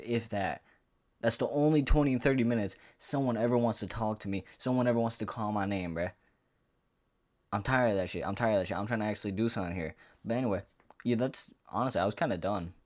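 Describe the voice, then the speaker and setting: A man ranting to camera in a casual sports vlog, heated and profane, rambling with frequent restarts. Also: on the low side. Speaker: MMA commentary vlogger.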